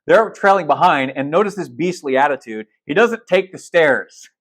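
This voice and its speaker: A man's voice: a little high, animated, normal speed, fairly bright tone. A male pastor preaching a sermon in a casual, storytelling way, retelling film scenes with blunt asides and restarts.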